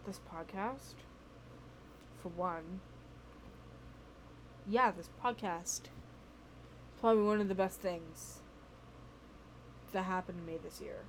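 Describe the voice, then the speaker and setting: A young woman hosting a podcast, telling a story in casual chat, animated and swearing, laughing between lines, from her bedroom at home. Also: lowish voice, slow, long pauses, noisy background. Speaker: podcast host.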